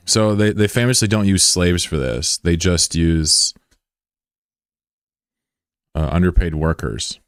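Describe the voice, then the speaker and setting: A young man streams a game and chats with viewers in a joking, sarcastic, rambling way. His voice sits very low, and the sound is dry and close to the mic. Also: slow, pauses often, a bit bright, clear, resonant tone, no room sound. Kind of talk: casual livestream chat.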